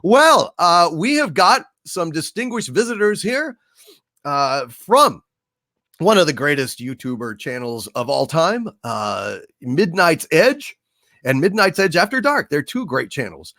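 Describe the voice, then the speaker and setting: A man hosting a casual livestream, reading super chats aloud and toasting his viewers in a halting way with many fillers. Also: on the high side, sing-song, sharp tone, no room sound. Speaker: livestream host.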